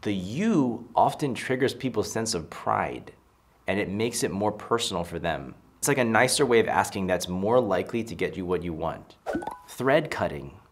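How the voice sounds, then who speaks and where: Low-voiced man coaching social skills. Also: expressive, normal speed, slight background noise. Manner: emphatic, acts out example lines. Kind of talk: casual advice talk to camera.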